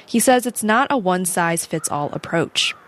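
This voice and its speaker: A woman reporting a public radio news story in a measured, clear voice. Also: fairly low pitch, lively intonation, fairly bright tone.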